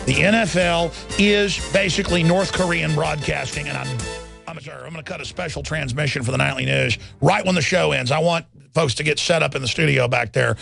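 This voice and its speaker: A man's voice: a little high, a little fast, creaky, fairly bright tone, soft background music. A man hosting a talk radio show, ranting angrily and repeating himself as he works up his outrage.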